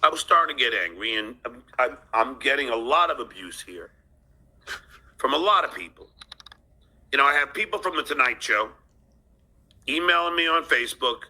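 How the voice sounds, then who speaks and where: A man rambling through an angry personal story, restarting often and bursting into shouted swearing. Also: medium pitch, lively intonation, normal speed, long pauses.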